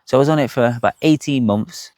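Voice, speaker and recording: A man's voice: medium pitch, quick pace, a little mellow, no room sound, studio quality. A young man, bluntly telling his own health story to camera, swearing freely. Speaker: health vlogger.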